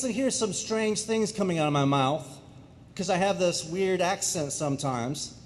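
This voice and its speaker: A middle-aged man from England speaks to a school audience, full of energy and jokes and talking straight to the crowd. His pitch sits a little above the usual for men, and a faint rumble runs underneath him. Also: a little slow. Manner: energetic, jokey, addresses the audience directly. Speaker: guest speaker. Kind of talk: lively public presentation. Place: high school auditorium.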